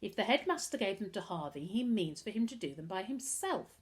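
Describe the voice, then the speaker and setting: A woman reading aloud and voicing a calm, firm middle-aged mother who speaks soothingly with a slight sharp edge. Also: mid-range voice, brisk, close to an everyday voice.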